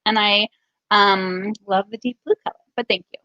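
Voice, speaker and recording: A woman's voice: mid-range voice, fairly even intonation, normal speed, no room sound, dull audio. A woman co-hosting a casual live stream, giggly and agreeable as she chats with viewers.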